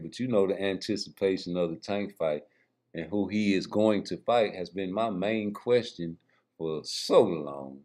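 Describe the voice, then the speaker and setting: A man's voice: low-pitched, measured pace, darkish tone. A man giving casual, profane, rambling boxing commentary straight to his viewers. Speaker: boxing YouTuber.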